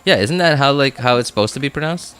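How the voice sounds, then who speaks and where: A man streams a video game and chats casually, rambling with plenty of filler words and laughing at himself a lot. His medium-pitched voice is lively, quick, fairly bright, clear and resonant.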